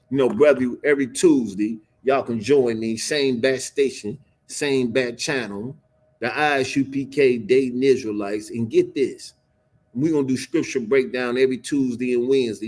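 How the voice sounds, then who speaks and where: A man's voice: medium pitch, darkish tone. A man in his fifties teaching a casual scripture class, emphatic and slangy, repeating words for effect. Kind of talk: casual scripture breakdown preaching.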